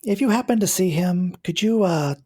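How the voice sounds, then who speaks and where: Man playing a halting, husky policewoman. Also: sits high, animated, dark tone, pitched above the performer's own voice. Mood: earnest. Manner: hesitant, halting, full of restarts. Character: earnest middle-aged female police officer. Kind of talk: tabletop role-play.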